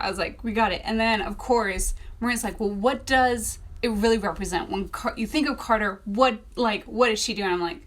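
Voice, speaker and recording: A young woman telling a story in a casual vlog, animated and acting out the voices she quotes. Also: a little high, normal speed, hardly any pauses. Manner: animated, acts out quoted voices, laughs often. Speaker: author vlogger.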